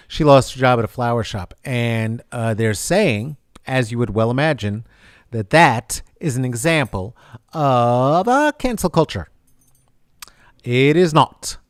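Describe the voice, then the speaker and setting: A man's voice: medium pitch, clean tone, no echo, clean studio sound. A man hosting a sarcastic, rambling comedic news commentary with many fillers. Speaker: vlog host.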